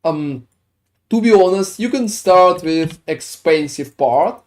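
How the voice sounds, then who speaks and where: Taking it slowly, a French-accented man with a high-pitched, darkish, animated voice streams a game. He chats casually with his audience, answering chat in rambling, filler-heavy fashion.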